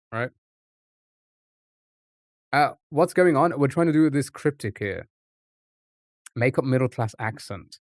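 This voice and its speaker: A man's voice: mid-range voice, no echo, clean studio sound. A man casually chatting on a live stream, rambling and thinking aloud, often repeating himself.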